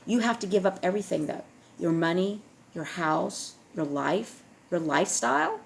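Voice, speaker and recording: A woman's voice: lowish voice, expressive, normal speed, gravelly, a little hiss or hum. A woman vlogger speaking in an emphatic, repetitive monologue to her viewers, often checking in with "all right?".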